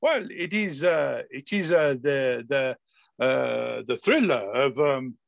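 Man doing a showy gambler, bad italian-ish accent, hesitant, courtly, gravelly, slow. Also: mid-range voice, animated, dry recording, dull audio. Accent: bad put-on Italian-ish accent. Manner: halting, full of ums and uhs, grandly polite. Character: flamboyant caped male gambler, overly courtly.

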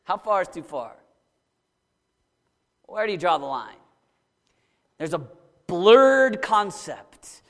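A man preaching a sermon to a young crowd, dramatic, swinging from shouts down to low, intense murmurs. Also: big pitch swings, slow, long pauses, big-room sound.

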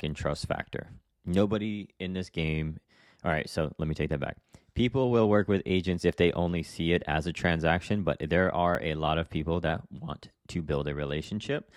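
Young guy podcasting solo, real low voice, super dry close mic, chatty and rambly. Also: no echo. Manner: chatty, rambling, with frequent "right?" and restarts. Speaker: podcast host, real estate agent. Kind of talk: casual solo podcast talk.

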